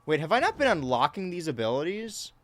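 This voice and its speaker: Streaming a video game, this man offers loose let's-play commentary, rambling, swearing freely, and reading chat questions aloud. His voice sits a little high with a sing-song lilt, and he talks fairly quickly.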